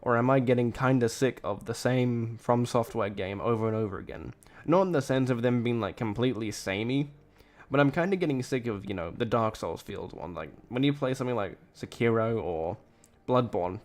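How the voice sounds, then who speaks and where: A man's voice: medium pitch, brisk, few pauses. A tired man streaming and reacting to a clip, rambling and blunt in casual commentary, cursing freely.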